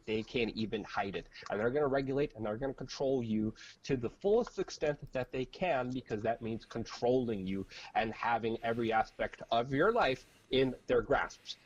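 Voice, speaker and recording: A man's voice: medium pitch, a little mellow, highs cut off. A man co-hosting casual political commentary, rambling with many fillers and jokes, on a webcam. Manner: rambling, filler-heavy, joking. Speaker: co-host.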